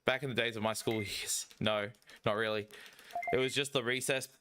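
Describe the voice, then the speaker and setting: A man, chatting casually while streaming a speedrun, rambling and excitable with lots of swearing and fillers. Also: mid-range voice, moderate pace, background noise. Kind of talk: casual chat while playing. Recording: game music playing behind. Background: video game music.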